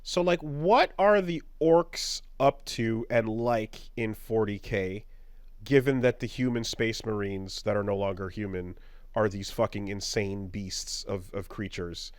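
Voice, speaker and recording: A man's voice: lowish voice, a little slow, dry recording, clean studio sound. A man co-hosting a casual podcast, asking curious questions. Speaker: podcast co-host. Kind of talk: casual chat.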